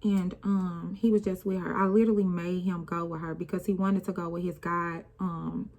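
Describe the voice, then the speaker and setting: A woman's voice: lowish voice, level tone, moderate pace, darkish tone. A young woman talking through an emotional personal story while doing her makeup, with a casual, rambling, conversational delivery and speech. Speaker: vlogger.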